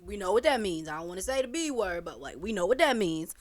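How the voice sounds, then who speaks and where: A woman's voice: medium pitch, fast talker. A woman host giving chatty, slangy reaction commentary on a comic she reads. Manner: chatty, animated, slangy asides. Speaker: channel host reading a comic.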